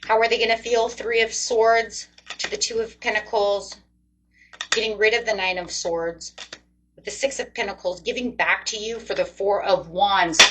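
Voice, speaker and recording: A woman reading tarot cards for her viewers, her voice at a middle pitch. She talks in a chatty, emotive way and speaks straight to the listener. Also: normal speed, fairly bright tone, low-quality recording. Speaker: tarot reader. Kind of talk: casual tarot reading monologue.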